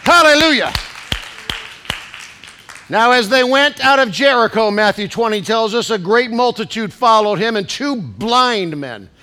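A bishop preaching a Pentecostal sermon in a church, moving between low asides and shouted declarations and urging the congregation to respond to each other. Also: male voice, lively intonation, unhurried.

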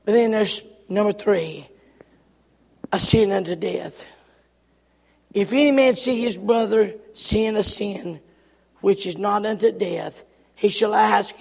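Man, preacher, sermon, very high voice, raspy, long hall reverb. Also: unhurried, pauses often. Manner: dramatic swings from shouting to whispering. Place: church sanctuary.

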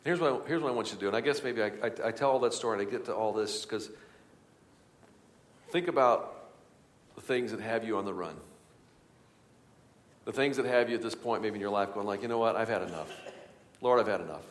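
A man preaching a sermon in a church, swinging from hushed tones to loud, urgent passages. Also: fairly low pitch, a little fast, long pauses. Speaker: pastor. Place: church sanctuary. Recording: long hall reverb.

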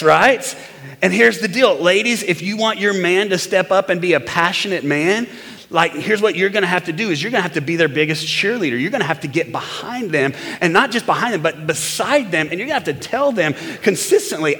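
Bright-voiced preacher in a reverberant hall. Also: male voice, a little high, a little fast. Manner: animated preaching, prompting the crowd for amens. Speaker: pastor. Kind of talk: sermon.

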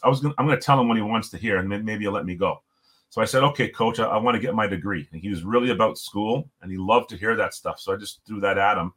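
A man's voice: fairly low pitch, a bit bright. A middle-aged man casually telling a story about his college hockey days, often repeating words and restarting sentences.

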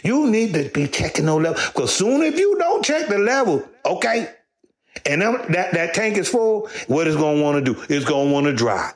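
A man, delivering a crude comedic rant, loud with sudden shouted bursts. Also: big pitch swings, normal speed. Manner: loud, sassy, swings high and low, shouting bursts.

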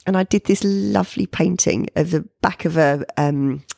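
Low, creaky New woman. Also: normal speed, dry recording, clean studio sound. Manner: animated, jumps high when quoting people. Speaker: painter being interviewed. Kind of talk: casual storytelling interview.

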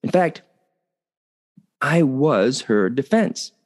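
Middle-aged male host, animated storyteller, very expressive pitch. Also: very slow. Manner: animated, conversational, tags points with "okay?". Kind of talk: storytelling talk.

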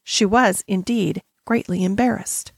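A woman narrating a classic novel as an audiobook reader, with measured, expressive storytelling. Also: medium pitch, vocal fry, breathy edge, dry recording, clean studio sound. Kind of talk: reading a classic novel aloud.

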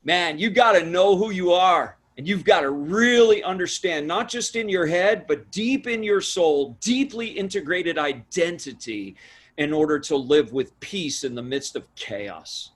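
Husky, high-voiced man preaching. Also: expressive, unhurried. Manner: emphatic, storytelling, builds to shouts when retelling. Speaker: pastor and author guest. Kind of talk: conversational interview, preaching tone.

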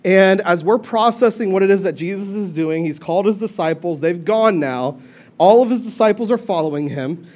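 Man, pastor, high voice, casual joking sermon, storyteller.

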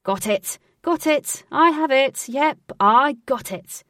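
Woman voicing a cheery eager fisherman guy, pitched a bit up, dry far-ish mic. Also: unhurried, mellow, breathy edge, no room sound. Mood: excited.

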